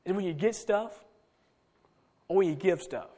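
A middle-aged man preaching a sermon, swinging between loud emphatic calls and soft low asides. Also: moderate pace. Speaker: pastor.

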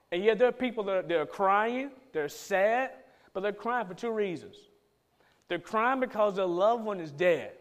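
A man with a high voice preaches a sermon from the pulpit of a church. He talks with emphasis and repeats his key lines to drive them home.

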